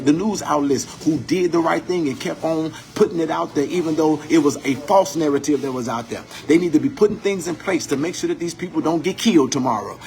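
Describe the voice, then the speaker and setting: Fiery, profane man with a raised pitch. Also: vocal fry, a little mellow. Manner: fiery, profane, preacher-like repetition. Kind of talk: impassioned commentary monologue.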